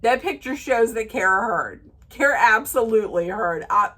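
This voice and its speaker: A woman recapping a reality TV episode in a chatty, opinionated rant, full of "like" and restarts, sometimes acting out what the cast said in a lower voice. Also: animated, moderate pace, sharp tone. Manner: acts out quoted lines in a lower voice.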